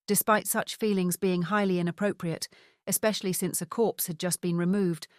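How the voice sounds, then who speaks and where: A woman reading a mystery audiobook in the first person, with a measured, wry storytelling manner. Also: fairly low pitch, no echo, studio quality. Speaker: audiobook narrator.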